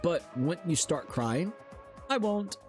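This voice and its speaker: A playful teenage girl with a gun, teasing and bouncy in a lifted, bright voice, as a man puts her on while reading a novel aloud. She pokes fun at her companion with quick, cheeky energy. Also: a little high, animated, soft background music, voice pushed up.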